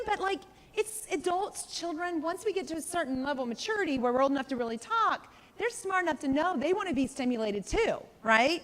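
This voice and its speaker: A woman's voice: sits high, fairly bright tone. A woman in her forties teaching a live sales workshop, chatty and full of questions for the room, often acting out quoted voices. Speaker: sales trainer. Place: conference room with a live audience. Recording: reverberant training room.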